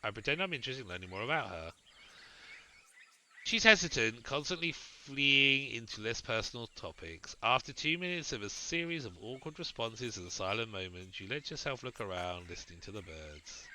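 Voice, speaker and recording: A man's voice: medium pitch, expressive, moderate pace, pushed and bright, slight background noise, poor audio. A man hosting a game playthrough, reading the game's text aloud and adding wry asides. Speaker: let's play host.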